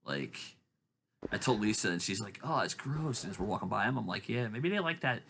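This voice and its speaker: Casual male host, animated delivery, hissy recording. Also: a little fast, gravelly. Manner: rambling, acts out quotes in high voices. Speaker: podcast host. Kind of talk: casual chat, storytelling.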